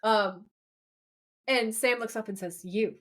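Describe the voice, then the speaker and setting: A woman co-hosting a podcast, casually recapping a TV episode and acting out the characters' lines with lively energy. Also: a little high, takes it slowly. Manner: animated storyteller who acts out the characters' lines. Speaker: podcast co-host.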